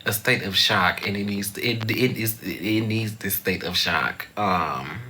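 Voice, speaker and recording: Speaking to camera in a relaxed vlog style, this young man has a husky voice and an unhurried pace. His delivery is expressive, jumping high and loud at times and sinking into a quiet whisper at others.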